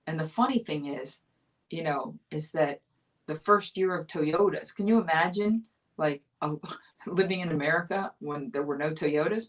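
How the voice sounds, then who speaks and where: A woman's voice: low-pitched, recorded from a distance. A woman in her fifties from Florida, hosting her own livestream show and telling a childhood story in a chatty, amused way, laughing through it. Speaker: comedian host of a weekly livestream talk show. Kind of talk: casual storytelling monologue.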